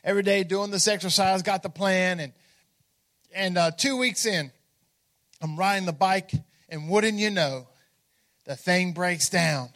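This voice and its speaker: Male pastor, very high voice, lively comic storyteller who rallies the congregation. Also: measured pace, long pauses. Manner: energetic, humorous, calls out to the congregation. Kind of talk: storytelling sermon.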